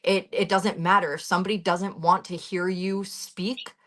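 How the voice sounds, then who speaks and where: A woman's voice: on the low side, level tone, normal speed, a bit bright. A woman in her thirties, a guest on a talk show, telling a personal account bluntly, with swearing and heated urgency over a video call.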